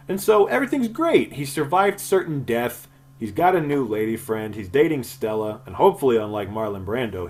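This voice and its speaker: A male podcast host recapping a film in casual chat, crude and rambling, swearing often and laughing. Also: mid-range voice.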